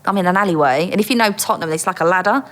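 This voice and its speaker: Lively woman telling a story. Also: on the low side, rapid-fire. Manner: lively, acts out quoted voices, laughs often. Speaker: guest, former undercover police officer. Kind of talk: animated anecdote telling.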